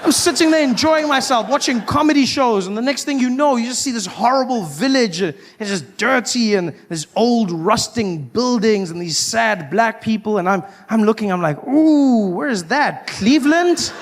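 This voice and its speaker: A man performing stand-up on a comedy stage, telling stories with animated, self-mocking delivery. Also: high voice, normal speed, hardly any pauses. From South Africa.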